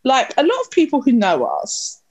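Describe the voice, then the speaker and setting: A middle-aged woman co-hosting a casual family podcast, talking in an animated, laughing, defensive way. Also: high-pitched, moderate pace. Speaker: podcast co-host and mother.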